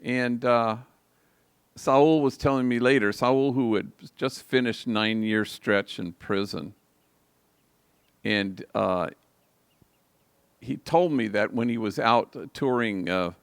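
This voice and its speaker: Slow, gravelly older priest preaching. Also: male voice, mid-range voice, dry recording. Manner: slow, reflective, gravelly delivery. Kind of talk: homily, storytelling. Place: live liturgy.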